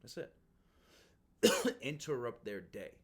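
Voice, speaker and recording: Animated swearing man on a podcast. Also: medium pitch, very slow, husky. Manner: animated, swearing, addresses listener as bro. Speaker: Marine recruiter podcast host. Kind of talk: casual podcast monologue.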